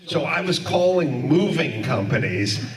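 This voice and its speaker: A man's voice: fairly high pitch, sing-song, unhurried, a crowd in the background. A middle-aged man hosting, telling a rambling comic story in front of a live audience. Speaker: comedy podcast host. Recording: echoey live room, far mic, audience.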